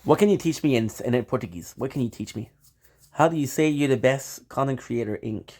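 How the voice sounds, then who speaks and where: A man's voice: medium pitch, lively intonation, a little fast, darkish tone. A man live-streaming, rambling playfully and talking straight to his viewers. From Canada. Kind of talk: casual live-stream chat.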